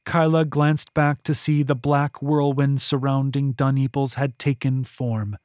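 A man's voice: medium pitch, little pitch movement, a little slow, darkish tone, dry recording. Man narrating fantasy fiction, dry close sound. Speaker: author reading his own novel. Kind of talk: scripted audiobook narration.

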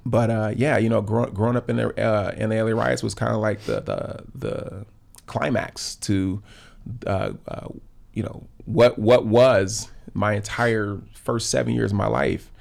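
A podcast guest in his thirties from South Los Angeles tells stories in relaxed conversation, his low voice gravelly and creaky. He's reflective and unhurried, often restarting sentences and leaning on fillers.

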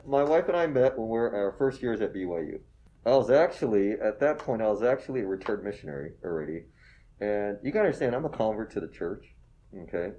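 A man in his forties telling stories as an interview guest, animated and self-deprecating, often tagging "okay?" onto his lines and going soft and emotional when he talks about his wife. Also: on the low side, fast, dull audio. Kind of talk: casual storytelling interview.

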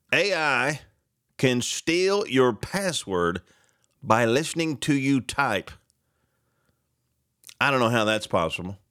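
A man hosting a casual morning radio show, greeting texters, pitching a sponsor and reacting to the news in a rambling, animated way. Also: no echo, studio quality. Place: radio studio. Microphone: studio microphone.

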